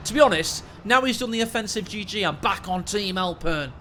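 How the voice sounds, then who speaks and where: Casting note: male game caster, high and bright, jokey, rambling, bursts into shouts. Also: animated, brisk, a little hiss or hum. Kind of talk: excitable video game commentary.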